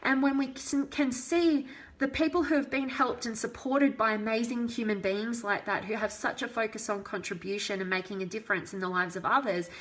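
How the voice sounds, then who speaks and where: A woman hosting a live stream as a motivational coach, warmly answering viewer comments in a heartfelt, enthusiastic way. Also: a little high, steady tone, fairly quick.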